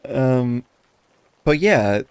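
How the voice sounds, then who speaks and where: A man co-hosting a podcast, telling a story in casual chat, animated, laughing as he talks and swearing often. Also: mid-range voice, extremely slow, clear, resonant tone, dry recording. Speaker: podcast co-host.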